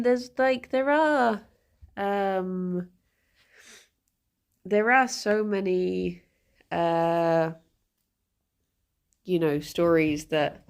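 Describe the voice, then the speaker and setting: A woman chatting casually on a live stream, halting with fillers and breaking off to baby-talk to her pet. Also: lowish voice, vocal fry, a little mellow.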